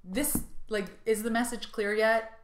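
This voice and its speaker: With an unhurried, steady voice on the high side, a woman reads tarot and intuitive cards for her audience. She's effusive and bubbly, laughing often and using fillers, and the room has an echo.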